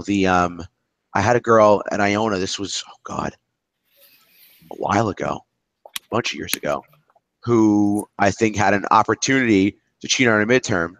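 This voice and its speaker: A man's voice: lowish voice, fairly bright tone, no echo. A man leading a class discussion, telling candid stories in a rambling way with many restarts.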